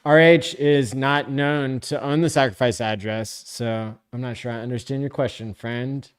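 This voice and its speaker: A man hosting a live stream, reading viewer comments out loud in a blunt, sarcastic, casual way. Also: medium pitch, steady tone, normal speed, smooth. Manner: blunt, sarcastic, profane, often laughing.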